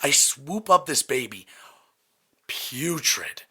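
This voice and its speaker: A young man hosting a podcast, telling a story in a casual, animated way, swearing and laughing often. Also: fairly high pitch, moderate pace, a crowd in the background. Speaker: podcast host.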